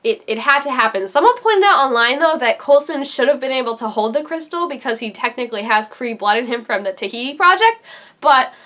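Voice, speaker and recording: A young adult woman giving an excited, gushing recap of a TV episode, her voice leaping up for emphasis. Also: brisk. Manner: animated and gushing, jumps high for emphasis. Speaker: TV reaction vlogger.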